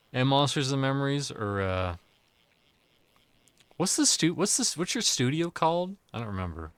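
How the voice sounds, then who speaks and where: A man's voice: medium pitch, smooth, no room sound. A man streaming a game live, chatting crudely and jokingly with his chat while a bit drunk. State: tipsy.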